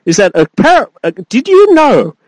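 A man's voice: very high-pitched, huge pitch swings, moderate pace, a little mellow, no echo. A man co-hosting a casual podcast, swearing freely and laughing often as he tells stories. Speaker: podcast co-host. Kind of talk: casual banter.

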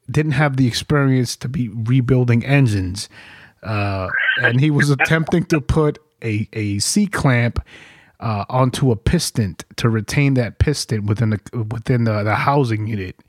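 Laughing, swearing veteran host. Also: male voice, medium pitch, unhurried, dry recording, clean studio sound. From New York. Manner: animated storyteller, laughs often, swears freely. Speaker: podcast host, Marine veteran. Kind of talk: casual chat.

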